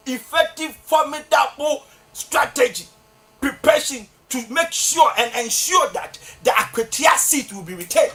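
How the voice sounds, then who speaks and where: High, bright-voiced Ghanaian man ranting. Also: expressive, normal speed, soft background music. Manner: fervent, scolding, shouts for emphasis. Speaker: political talk show host. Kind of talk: fiery political commentary. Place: radio or TV studio.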